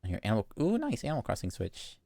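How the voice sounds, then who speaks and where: A man's voice: on the low side, huge pitch swings, racing, vocal fry, warm tone, no room sound, clean studio sound. A man from Canada with a light Canadian accent, chatting playfully as he streams a video game. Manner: chatty, playful, chuckles often. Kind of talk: casual live gameplay chat.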